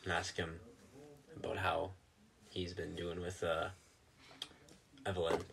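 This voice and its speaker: A man playing in a tabletop game, talking in a laid-back, halting way. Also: deep voice, completely flat delivery, creaky, a bit bright, recorded from a distance, low-quality recording. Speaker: player. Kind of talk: casual chat.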